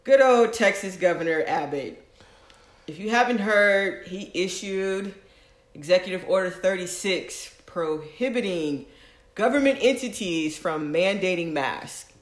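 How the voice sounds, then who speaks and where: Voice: mid-range voice, lively intonation, unhurried. Exasperated, swearing podcaster in an echoey room. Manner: profane, exasperated, laughs between points. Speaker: podcast co-host. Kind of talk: casual chat, ranting commentary. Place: own apartment. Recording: roomy echo.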